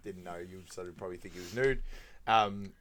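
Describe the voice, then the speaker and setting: A man with a fairly low voice chats casually as a podcast co-host. He walks through film scenes one by one, dropping into quoted lines and laughing along the way. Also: a little fast, fairly bright tone. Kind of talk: casual film recap chat.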